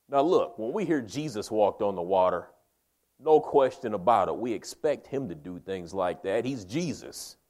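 Calling the congregation "man" and "baby," this preacher delivers his sermon in a mid-range voice with a folksy, emphatic style. Loud, forceful moments give way to lines spoken softly and slowly.

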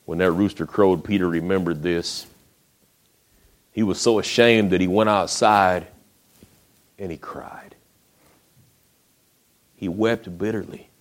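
A man preaching a sermon, retelling the story in a folksy way with acted quotes, often dropping to a hush. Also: low-pitched, steady tone, takes it slowly, long pauses.

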